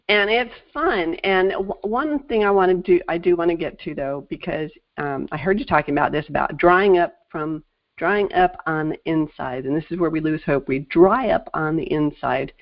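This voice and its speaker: Low-voiced woman hosting an interview. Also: normal speed, dull audio. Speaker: podcast host. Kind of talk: casual interview conversation.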